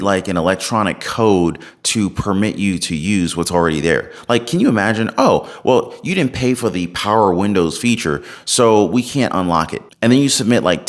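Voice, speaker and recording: A man hosting a casual commentary vlog, joking and sarcastic as he talks to his viewers. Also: deep voice. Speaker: host.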